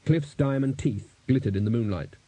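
A man narrating an audiobook in a measured, even storytelling manner, giving each character a voice. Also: medium pitch, slightly rough, dry recording.

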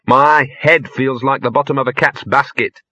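A man's voice: mid-range voice, steady tone, normal speed, pushed and bright, dry recording. A man voicing a scruffy, smug little male dog in a storybook, with a grumbling, sarcastic manner. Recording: dull lo-fi.

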